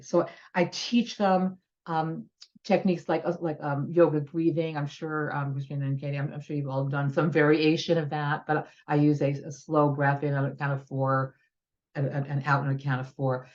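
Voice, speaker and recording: A woman's voice: low voice, little pitch movement, fairly quick, a little mellow, muffled recording. A woman educational consultant eagerly explaining her methods on a video-call panel.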